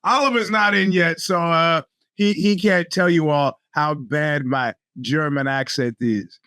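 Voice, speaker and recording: A man's voice: fairly high pitch, measured pace, sharp tone, no room sound. A man hosting his podcast in casual, rambling talk with wry, profane asides, his speech a bit off from a bitten tongue. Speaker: podcast host.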